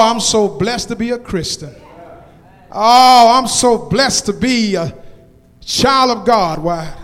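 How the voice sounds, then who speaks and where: A man preaching a sermon in call-and-response style, stretching out words and breaking into shouts. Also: high-pitched, lively intonation, takes it slowly. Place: church sanctuary. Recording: long reverb of a church hall.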